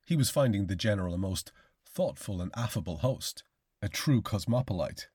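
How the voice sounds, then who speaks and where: A man narrating a classic short story in a measured, formal audiobook reading. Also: on the low side, expressive, darkish tone, slightly rough, no echo, studio quality.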